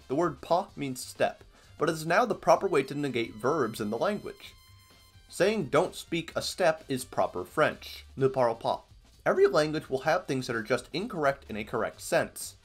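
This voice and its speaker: A man from Iowa in the US Midwest hosts a video essay, narrating educational content in a casual, joking way over faint background music. His voice is on the high side, husky, and sing-song, at a normal pace.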